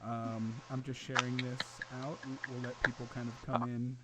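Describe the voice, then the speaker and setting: A man's voice: mid-range voice, level tone, moderate pace, very noisy. A man hosting a gaming podcast in casual chat, upbeat and chatty with frequent laughs. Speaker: podcast host. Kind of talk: casual chat while setting up a livestream.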